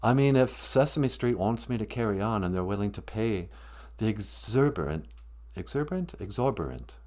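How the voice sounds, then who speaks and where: A man voicing a male monster who drops the act to speak in a refined, halting, world-weary way. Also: lowish voice, lively intonation, a little mellow, close to an everyday voice.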